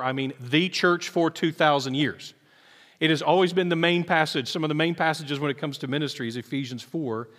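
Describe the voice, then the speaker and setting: A male pastor delivers an earnest sermon, often doubling words as he begins a thought. His voice sits a bit high for a man. The sound carries a long reverb from the church hall. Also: a bit bright. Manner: earnest, repeats words when starting sentences. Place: church sanctuary.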